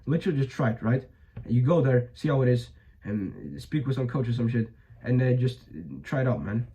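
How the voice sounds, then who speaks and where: A man's voice: mid-range voice, fairly quick, mellow, rough recording. A young man giving blunt, profane advice in a casual monologue, full of fillers and restarts, his voice a bit strained. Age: young adult. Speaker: vlogger.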